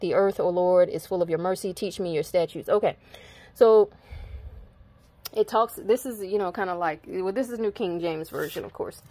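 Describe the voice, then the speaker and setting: A woman's voice: lowish voice, normal speed, dark tone. A woman reading Bible verses aloud and breaking off to explain them in casual asides. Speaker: preacher reading scripture. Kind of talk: informal Bible reading with commentary.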